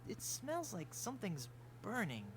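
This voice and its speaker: A wisecracking pirate hero who comments on everything with dry sarcasm. His voice sits slightly high and moves in a lively way, and game music plays clearly under it. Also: measured pace, exaggerated voice, poor audio. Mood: wry. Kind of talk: video game voice acting.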